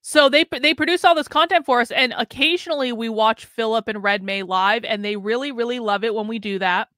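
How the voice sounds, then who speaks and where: A woman's voice: on the high side, fairly quick, bright, forceful tone, no echo, studio quality. A woman hosting a live-stream political commentary show, talking in an emphatic, sarcastic way and swearing freely.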